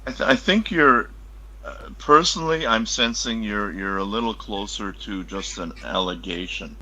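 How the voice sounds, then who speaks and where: A man chatting casually on a podcast, starting haltingly with repeated words before speaking with energy. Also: fairly low pitch, rough recording. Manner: hesitant starts, then animated. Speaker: podcast guest, former customs officer.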